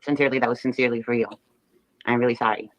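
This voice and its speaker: A woman's voice: rumbling low, steady tone, rapid-fire, rough recording. A woman livestreamer talking casually, rambling through an earnest apology.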